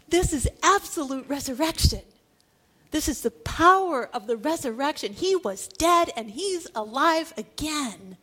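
Woman preacher, high voice, animated storyteller who laughs often as she teaches. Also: unhurried. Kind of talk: sermon.

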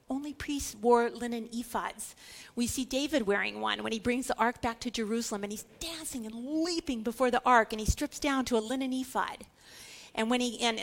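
An animated woman teaching scripture with a slightly high voice. She talks emphatically, repeats words for stress, and acts out the quoted lines. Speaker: Bible teacher.

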